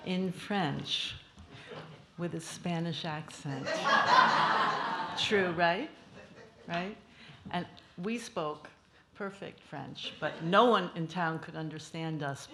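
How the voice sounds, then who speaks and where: A woman's voice: fairly low pitch, creaky. A woman speaking at a memorial tribute, playfully coaxing the audience to join in and laughing often. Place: small performance venue. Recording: echoey room with loud background noise.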